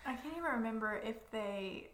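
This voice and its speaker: A woman co-hosting a podcast in casual book-discussion chat, quick and jokey, often acting out quoted reactions. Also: fairly high pitch, a bit bright. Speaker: podcast co-host. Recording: echoey room.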